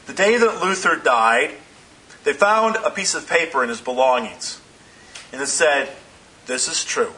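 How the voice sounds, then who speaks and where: Guy pastor giving a sermon, kinda high bright voice, measured and emphatic. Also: lively intonation, rough recording. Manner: measured preaching with slowed, emphatic phrases.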